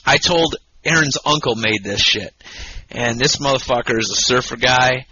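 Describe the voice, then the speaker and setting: Brief: drunk male podcast co-host, brassy bright tone, profane rambling, somewhat dull home recording. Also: medium pitch, moderate pace, slight background noise. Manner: profane, rambling, loud and excitable. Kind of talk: drunk casual podcast banter. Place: home podcast setup, Michigan.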